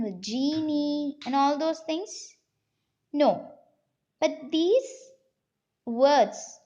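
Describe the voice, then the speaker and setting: A woman teaching an English lesson to children, speaking deliberately and reading a story aloud. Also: high-pitched, highs cut off. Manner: slow, deliberate, addressing children.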